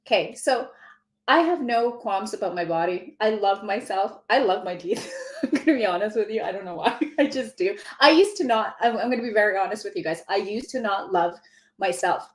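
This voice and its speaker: A woman's voice: medium pitch, animated, brisk, echoey room, rough recording. A woman hosting a casual live stream as a spiritual mentor, gushing and effusive, greeting viewers by name and laughing often. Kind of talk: casual livestream chat. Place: indoors at home.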